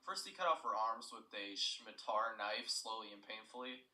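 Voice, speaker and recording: Low-voiced young man reading a story. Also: animated, moderate pace, bright, forceful tone, reverberant, far from the mic, slight background noise, poor audio. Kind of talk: scripted narration.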